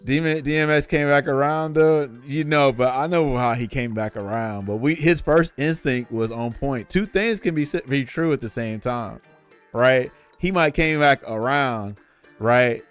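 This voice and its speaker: A man's voice: medium pitch, a little slow, clear, resonant tone, faint music behind. A young man streaming from home, ranting in casual slang and addressing his chat directly. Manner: animated, opinionated, slangy, talks to chat.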